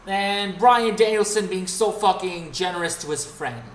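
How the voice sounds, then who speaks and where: Male streamer, unscripted rant, cursing and exasperated, slightly high voice, roomy echo. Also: normal speed, a bit bright. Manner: profane, exasperated ranting with frequent restarts. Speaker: streamer and host. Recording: roomy with faint background noise.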